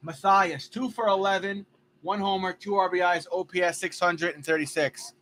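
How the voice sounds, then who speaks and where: A man doing casual play-by-play for a fan livestream, chatty and jokey, drifting into stories between pitches. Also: fairly even intonation, moderate pace, fairly bright tone, slight background noise.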